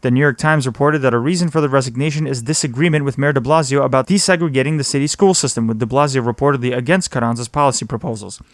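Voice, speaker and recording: Brisk man reading a news roundup. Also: mid-range voice, dry recording, studio quality. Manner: brisk, steady read. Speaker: news podcast host.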